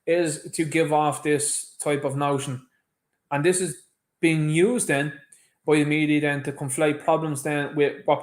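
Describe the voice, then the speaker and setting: An Irish man hosting his own show, giving an emphatic, indignant opinion commentary on a clip. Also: fairly high pitch. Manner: emphatic, indignant, mimics others mockingly. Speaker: show host.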